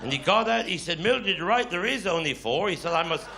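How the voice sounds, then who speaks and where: A man's voice: high voice, animated, a little fast, vocal fry, over a noisy crowd, very noisy. A Cornish man performing live stand-up comedy, telling dialect stories with grumbling quoted voices. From Cornwall. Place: live stage before an audience. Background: audience laughter.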